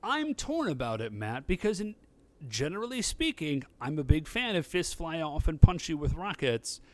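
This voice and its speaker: Lively, fairly high-voiced man co-hosting. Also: moderate pace. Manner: animated, retells scenes in quoted voices. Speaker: podcast co-host. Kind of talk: casual podcast chat.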